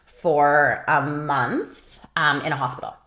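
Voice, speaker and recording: A woman's voice: sits low, slow, echoey room. A woman in her thirties, from Canada, telling her story in a casual interview with frequent laughs and fillers. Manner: animated, laughs often, many fillers. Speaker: guest, company founder.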